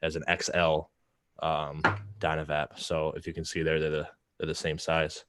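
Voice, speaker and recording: Laid-back low-voiced man on a livestream. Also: completely flat delivery, normal speed, a bit bright, no room sound. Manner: laid-back, rambling with repeated words. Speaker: livestream co-host and wood craftsman. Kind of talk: casual stoner chat.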